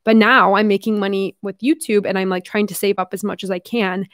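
A young Canadian woman talks casually to her viewers, rambling and dropping fillers as she goes. Her medium-pitched voice sounds close and dry, with no room around it. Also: fairly even intonation, brisk, a bit bright, dry recording. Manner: chatty, rambling, heavy use of fillers and "like". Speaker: YouTuber opening fan mail. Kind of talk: casual vlog chat.

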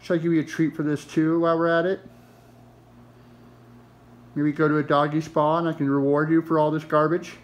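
A man's voice: on the high side, little pitch movement, a little fast, long pauses, highs cut off. A man scolding his dog in a mock-stern, exasperated, sarcastic way, talking to it like a person.

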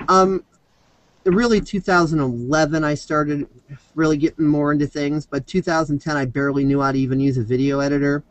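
A talkative man with a fairly high voice, chatting over a video call. He rambles in long loose runs, leaning on fillers as he goes. The sound is dry and close, with no room around it. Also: fairly bright tone, no room sound, poor audio. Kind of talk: casual video-call chat.

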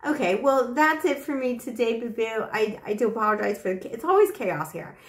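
A fairly high, expressive female voice at a moderate pace delivers a casual tarot reading to camera. She's chatty and affectionate, leans on fillers like "you know," and sounds a little out of breath, with a roomy quality to the audio.

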